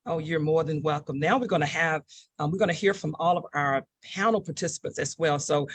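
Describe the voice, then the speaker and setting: An upbeat woman hosts a panel talk show, her voice husky and grainy. The sound is dry and close, with no room around it. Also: low voice, a little fast, dry recording. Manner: upbeat, repeats "awesome".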